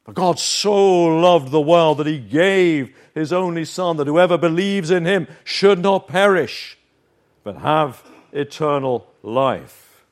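A man preaching from the pulpit in an earnest, emphatic sermon. His voice sits a little high for a man, and he takes his time, leaning hard on the key phrases. The delivery is measured and deliberate throughout.

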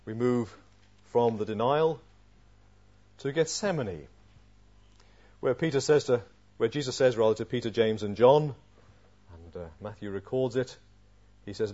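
A male preacher giving an expository sermon, asking rhetorical questions and swinging from loud emphasis to a hushed voice. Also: medium pitch, a little slow, long pauses. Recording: dull lo-fi sermon recording.

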